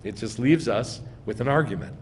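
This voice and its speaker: A man's voice: medium pitch, animated, moderate pace, a little mellow. A man, a rabbi giving a sermon, who quizzes his congregation and answers his own questions with emphatic stress. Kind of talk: sermon teaching. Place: synagogue sanctuary. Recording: long reverb in a hall.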